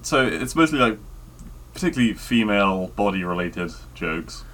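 A man co-hosting a podcast in easygoing casual chat, often halting to find his words. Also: lowish voice, very animated, a bit bright. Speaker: podcast co-host.

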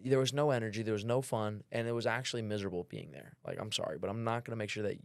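A man's voice: on the low side, very fast, creaky, no echo. A man, a sales trainer talking as a podcast guest, brash and profane, telling stories with quoted dialogue. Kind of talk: casual podcast chat.

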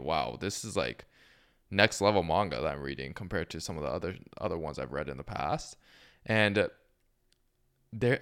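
A man with a very low, smooth, resonant voice, co-hosting a casual podcast chat. He laughs easily and speaks with relaxed enthusiasm, and his voice holds steady and full. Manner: relaxed, laughs often, enthusiastic about anime. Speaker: podcast co-host.

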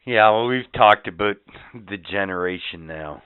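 A man hosting a podcast in profane, rambling casual chat, swinging between loud and quiet. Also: lowish voice, a little slow, clean tone. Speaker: podcast host. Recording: phone-like lo-fi audio.

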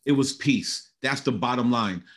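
A middle-aged man speaks as a guest in a conversational interview, recounting a personal testimony. His delivery is earnest and animated, and his voice sits at an ordinary middle pitch. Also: moderate pace.

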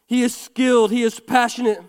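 A man preaching a fervent sermon as pastor of a church, with bursts of shouting and quick joking asides. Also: very high voice, little pitch movement, clear, resonant tone. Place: church sanctuary. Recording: long church hall reverb.

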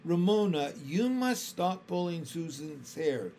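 A man doing a gentle kindergarten teacher. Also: fairly high pitch, sing-song, slow pace, a little hiss or hum, full character voice. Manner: gentle, reassuring. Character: kind, patient woman kindergarten teacher.

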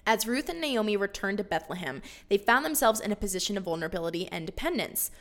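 A woman's voice: mid-range voice, very animated, quick pace. A woman teaching a casual Bible story lesson in a bubbly, chatty way, full of laughing asides.

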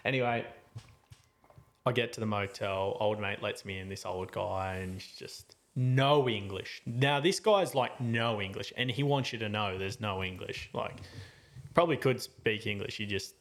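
Aussie bloke on a podcast, animated rambly storytelling, lots of slang. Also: male voice, lowish voice, moderate pace. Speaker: podcast host. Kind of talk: casual storytelling chat.

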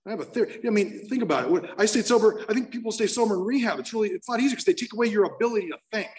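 A man's voice: high voice, animated, rapid-fire, distant mic. A man candidly telling his personal recovery story, emotional, with many restarts. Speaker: speaker sharing his story.

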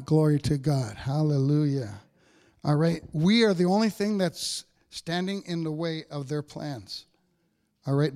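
A man's voice: fairly high pitch, darkish tone. A man preaching a sermon as pastor, in a conversational style with frequent checks with the congregation.

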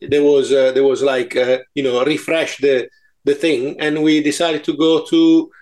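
A man in his fifties with an Italian accent, chatting casually on a podcast, halting often with fillers and restarts and joking at his own expense. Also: fairly high pitch, level tone, darkish tone. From Italy. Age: 50s. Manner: hesitant, many fillers and restarts, self-mocking humour. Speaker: podcast co-host. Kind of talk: casual chat.

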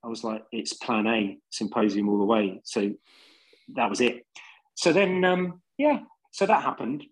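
Husky London man telling stories. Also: medium pitch, a little slow, poor audio. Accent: London English. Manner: rambling, laid-back anecdotes with many fillers. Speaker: podcast guest, band singer. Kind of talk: casual storytelling.

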